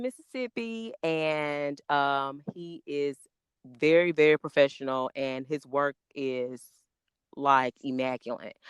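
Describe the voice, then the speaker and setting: A woman chats eagerly on a podcast, her words tumbling out in excitement. Her voice is smooth and clear, recorded close in a dry space. She slows down to spell names letter by letter. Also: low-pitched, dry recording. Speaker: podcast guest, makeup artist. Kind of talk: casual podcast chat.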